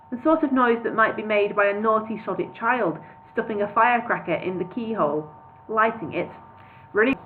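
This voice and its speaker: Woman casually reading a story aloud. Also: mid-range voice. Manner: reads with slips, laughs and casual asides. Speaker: audiobook reader. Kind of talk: informal book reading. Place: her flat. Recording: tinny phone-like sound with faint hiss.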